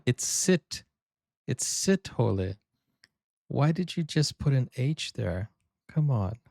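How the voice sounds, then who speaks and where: A man from Brazil hosting a sports reaction video, chatting excitedly and often stumbling and restarting his sentences. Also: medium pitch, no room sound, studio quality. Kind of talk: casual reaction commentary.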